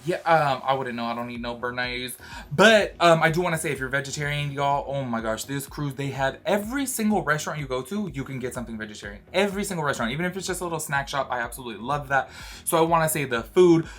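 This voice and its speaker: A man's voice: mid-range voice, expressive, fast talker, fairly bright tone. A man from Georgia, chatting loosely about a cruise in a travel vlog, full of fillers and asides. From Georgia, USA. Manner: chatty and rambling, many fillers. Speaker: vlogger. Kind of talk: casual travel vlog chat. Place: cruise ship cabin.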